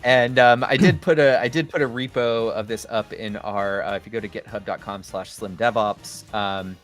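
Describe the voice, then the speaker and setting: A man's voice: fairly low pitch, fairly even intonation, normal speed, a bit bright. A man co-hosting a livestream, talking casually in a playful, rambling way. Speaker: co-host of a developer livestream.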